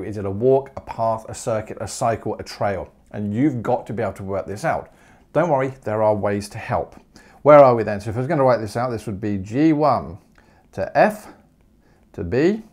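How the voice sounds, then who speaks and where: A man teaching maths in a humorous video lesson, jokey and animated, firing off rhetorical questions. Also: mid-range voice.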